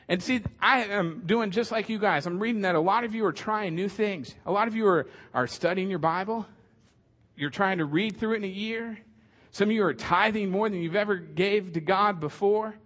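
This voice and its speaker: A man's voice: sits high, normal speed, a bit bright. A man preaching a casual sermon as pastor, conversational and joking, with many fillers and restarts.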